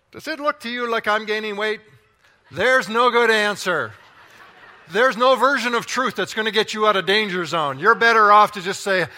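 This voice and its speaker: A man preaching a sermon in a large church, playful and animated, talking straight to the congregation. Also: high-pitched, big-room sound. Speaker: pastor.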